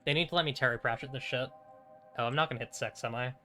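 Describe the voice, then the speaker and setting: A man streams a video game and narrates his moves in loose, chatty bursts. He mutters, swears freely and thinks aloud. His voice is bright and tense, at a middle pitch for a man. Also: fast, faint music behind. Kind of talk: casual live gameplay commentary.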